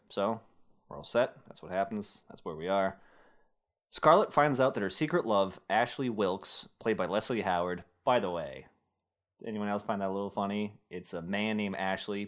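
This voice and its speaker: A young man hosting a casual podcast, recapping a film with rambling filler-heavy asides and jokes. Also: on the low side. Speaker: podcast host summarizing a film. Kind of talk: casual chat.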